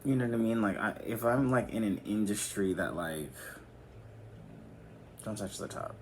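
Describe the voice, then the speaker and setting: A man's voice: fairly low pitch, expressive, moderate pace, a little mellow, a little hiss or hum. A man chatting candidly through a makeup tutorial, rambling and swearing freely. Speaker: makeup vlogger. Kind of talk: casual chat during a makeup tutorial. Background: music.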